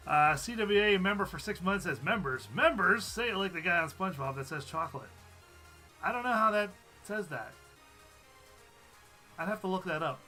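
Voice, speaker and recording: A man's voice: sits high, lively intonation, normal speed, long pauses, bright, forceful tone, soft background music. A man hosting a live stream, chatting casually, reading out viewer comments and laughing often. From USA.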